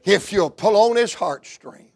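Fervent high-voiced Southern preacher. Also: male voice, lively intonation, unhurried, creaky, no echo, clean studio sound. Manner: fervent, swings from hushed to shouting. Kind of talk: revival sermon.

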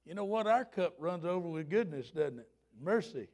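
A high-pitched man in his fifties preaches with folksy fervor. His voice swoops widely, and at its peaks he breaks into shouts. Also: lively intonation, moderate pace. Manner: fervent, folksy, rising to shouts. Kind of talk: revival sermon.

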